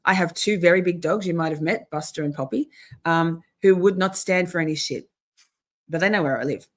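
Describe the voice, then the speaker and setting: A woman's voice: on the low side, brisk. A woman hosting a livestream, ranting in a profane, fired-up way in casual chat. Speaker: livestream host.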